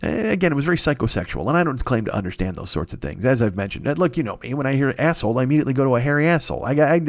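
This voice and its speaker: A man's voice: mid-range voice, rapid-fire, dry recording, clean studio sound. A man hosting a solo podcast, ranting in a rambling, profane, comedic monologue. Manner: profane, rambling, excitable rant. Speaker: podcast host.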